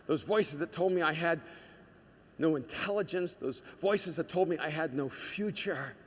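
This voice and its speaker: A male pastor delivering a dramatic sermon, moving between hushed storytelling and shouted urgency. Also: fairly high pitch, long reverb tail.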